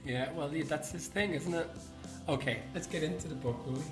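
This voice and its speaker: A man co-hosting a podcast in relaxed, casual chat who laughs often and introduces audio clips. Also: on the high side, brisk, loud music behind the voice. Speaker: podcast co-host. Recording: echoey room.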